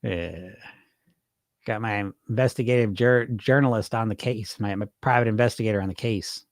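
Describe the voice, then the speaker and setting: A man's voice: fairly low pitch, moderate pace, dry recording, studio quality. A middle-aged man coaching on weight loss in a loose, rambling live-stream chat, swearing casually and restarting his sentences.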